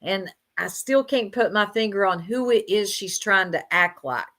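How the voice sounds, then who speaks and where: A woman's voice: medium pitch, moderate pace, fairly bright tone. A woman giving casual reaction commentary, blunt and sarcastic, laughing often and talking straight to her chat.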